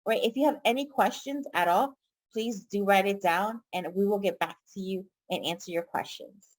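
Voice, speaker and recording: A woman who tutors Spanish for pharmacy techs teaches a vocabulary lesson online, patiently repeating each word for her students. Her voice is mid-range and her speed normal.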